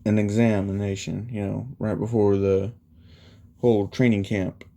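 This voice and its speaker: A man's voice: fairly low pitch, little pitch movement, moderate pace, vocal fry, mellow. A man casually retelling a fan story, rambling along with lots of fillers. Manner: rambling, heavy use of "you know" and "he's like".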